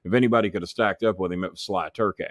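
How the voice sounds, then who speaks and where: A man's voice: deep voice, fairly even intonation, very fast, dry recording, studio quality. A man, a former wrestling manager, tells backstage stories as an interview guest, swearing freely and acting out the voices of people he quotes. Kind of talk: profane anecdotal storytelling.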